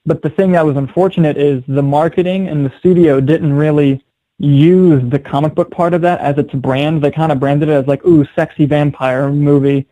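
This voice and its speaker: Young male podcast host, slightly high, mellow voice, animated casual talker, dry sound. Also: no room sound, rough recording. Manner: animated, quick storytelling with laughs. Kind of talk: casual chat.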